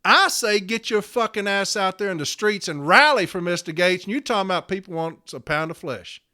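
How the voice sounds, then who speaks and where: Man, fifties, angry profane rant, high-pitched, bright tense tone, podcast host. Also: lively intonation, fairly quick. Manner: furious, profane, confrontational. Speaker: podcast host and letter carrier.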